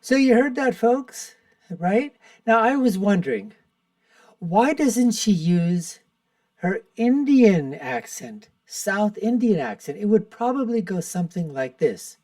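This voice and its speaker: A man hosts his own commentary show in an unhurried, sneering delivery. His voice sits dry and slightly distant from the microphone. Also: high voice, sing-song, darkish tone, no echo. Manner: mocking, repeats "folks". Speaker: show host. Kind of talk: political commentary monologue.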